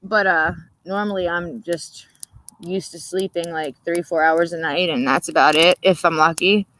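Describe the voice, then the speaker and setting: A woman's voice: on the low side, fairly even intonation, normal speed, a bit bright, a little hiss or hum, low-quality recording. A woman hosting a livestream, rambling, profane and laughing as she chats. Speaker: livestream host. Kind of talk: casual late-night chat.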